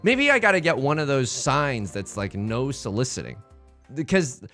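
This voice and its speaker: A young man giving casual, playful commentary while he plays an online game, with jokey asides and sudden excited jumps. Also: medium pitch, moderate pace, soft background music. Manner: drops to a stage whisper at times. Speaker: let's play streamer.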